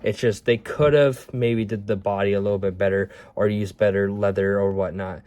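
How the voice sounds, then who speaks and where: A man's voice: fairly low pitch, steady tone, moderate pace, a little mellow. A man casually reviewing action figures, rambling and stumbling over his words as he shows them off at home. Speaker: toy reviewer.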